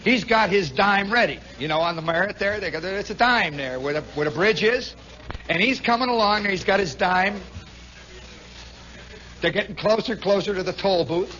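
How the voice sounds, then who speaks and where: A man, a radio host, telling a comic story live in a nightclub, animated and chuckling with lots of asides. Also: high-pitched, moderate pace, a little hiss or hum. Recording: muffled 1960s live radio recording.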